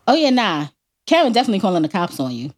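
Animated New York woman ranting. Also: mid-range voice, rapid-fire. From New York, Harlem. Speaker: podcast co-host. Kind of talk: casual chat.

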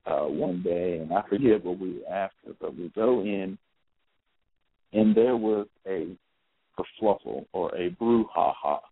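In a casual monologue recorded on his phone, a man in his thirties who hosts a podcast wanders through a story, using fillers and fixing his own words as he goes. He sounds husky and low, with a measured pace, over a dry, tinny, echo-free recording.

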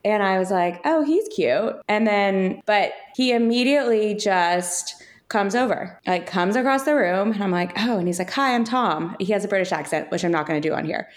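A woman's voice: mid-range voice, a little fast. A woman in her thirties co-hosting a podcast, telling a story in casual chat and acting out the quoted lines. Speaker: podcast co-host.

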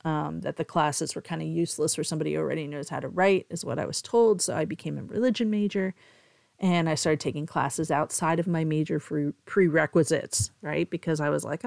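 A woman's voice: deep voice, fairly quick, creaky, no echo, clean studio sound. A middle-aged woman, hosting a podcast and telling a candid, emotional personal story in a monologue. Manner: candid, emotional, with soft laughs. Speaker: podcast host, tarot and astrology reader.

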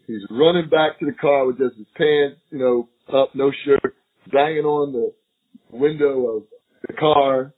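A middle-aged retired FBI agent, appearing as a podcast guest, tells a long story in a husky, mid-range voice at a measured pace. He laughs a lot and acts out what other people said, and the audio sounds thin and tinny, like a phone line.

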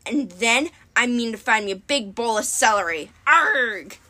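A burly, gruff old-time pirate captain, as a woman reader puts him on, growling and bellowing orders. The voice stays bright and lively even through the bluster. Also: on the high side, unhurried.

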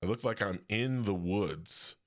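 A man's voice: lowish voice, unhurried, fairly bright tone. A man from hosting a casual solo podcast, rambling and correcting himself, with frequent chuckles. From Ohio. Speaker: podcast host.

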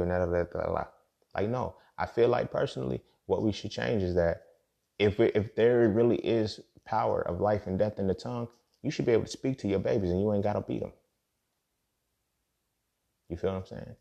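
Low gravelly dude ranting on his podcast, blunt and cussing, repeats himself a lot. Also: fairly quick, dark tone. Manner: blunt, profane, rambling with repeated words. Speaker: podcast host. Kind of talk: casual monologue.

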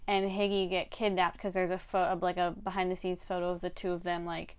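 A woman with a smooth, clear voice talks casually about a TV series. She is relaxed and thoughtful and often gives soft agreement. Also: lowish voice, a little fast, lo-fi sound. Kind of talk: casual chat about a TV show.

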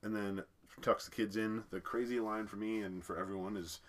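A man hosting a casual talk about a TV series, animated and acting out lines he quotes. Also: lowish voice, moderate pace. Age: adult parent.

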